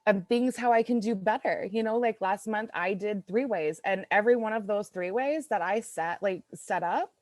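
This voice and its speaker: A woman's voice: medium pitch, normal speed, hardly any pauses, darkish tone, dry recording. A young woman speaking on a video call from her home office, rambling and emotional, with lots of "like"s and restarts. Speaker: co-host of a morning video call. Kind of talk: casual group video call chat.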